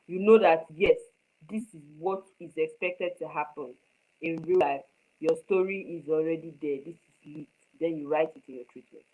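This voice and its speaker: A woman leads a screenwriting lesson with an emphatic, repetitive delivery. She keeps asking her students if they follow. Her voice sits a little low for a woman. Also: phone-quality sound. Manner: emphatic, repeats points, asks students if they understand. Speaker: screenwriting teacher. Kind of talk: live online class.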